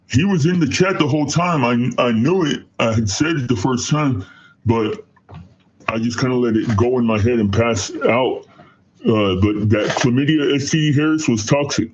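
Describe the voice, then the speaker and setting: A man's voice: medium pitch, breathy edge. A man streaming, chatting casually in a rambling, slangy way with frequent restarts. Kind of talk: casual chat. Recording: dull lo-fi sound.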